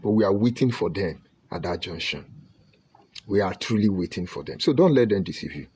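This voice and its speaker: A Nigerian man from Delta State giving an impassioned online broadcast, preaching emphatically and swinging between loud outbursts and low murmurs. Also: expressive, fairly quick, slightly rough, no room sound. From Nigeria (Delta State, Ika). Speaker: online commentator.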